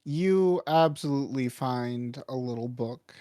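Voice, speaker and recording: A man narrating a tabletop game as game master, calm and matter-of-fact. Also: medium pitch, measured pace, dry recording.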